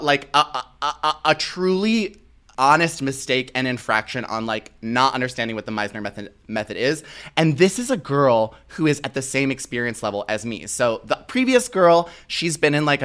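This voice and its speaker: A young man in casual chat, telling a story with animated delivery and frequent laughs. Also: mid-range voice. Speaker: podcast co-host.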